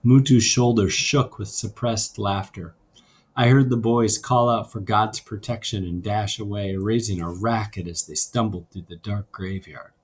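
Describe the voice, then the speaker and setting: Slow, husky man reading aloud. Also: fairly low pitch, fairly even intonation. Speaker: teacher reading a novel aloud to a class. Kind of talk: read-aloud narration with a classroom assignment.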